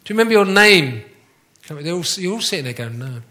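A man preaching a conversational sermon to his congregation, often asking them questions and slowly repeating key phrases. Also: high voice, big pitch swings, pushed and bright. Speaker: pastor.

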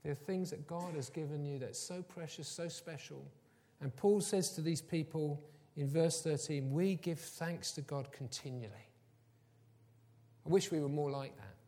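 A pastor delivers a sermon with a fairly high voice that echoes through a large church hall. He tells stories warmly and shifts between hushed, low passages and loud, emphatic lines. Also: moderate pace. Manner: warm storytelling, swings from soft and low to loud and emphatic. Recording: long hall reverb.

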